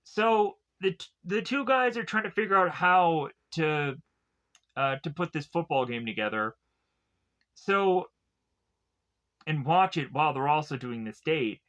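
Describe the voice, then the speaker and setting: A man's voice: fairly high pitch, a little slow, long pauses, a bit bright, dull audio. A man casually recapping a TV episode, rambling with many fillers and quoting the characters in passing.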